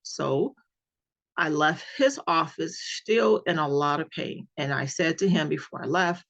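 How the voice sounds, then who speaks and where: Gravelly-voiced woman telling her story. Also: deep voice, measured pace. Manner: earnest, emphatic, repeats key words. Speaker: patient sharing her own experience. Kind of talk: personal storytelling. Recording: dull lo-fi recording.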